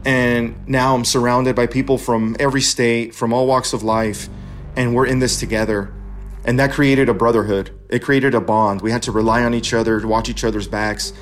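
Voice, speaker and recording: A man's voice: medium pitch, level tone, normal speed, faint music behind. A man in his forties from California, earnestly telling a personal story in a plain, conversational way.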